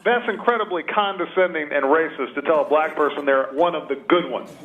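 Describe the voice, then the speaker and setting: An actor playing a calm, weary male ex-president who grows exasperated, answering in a measured, dry way in a comedy sketch phone call. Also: on the high side, background noise, close to an everyday voice.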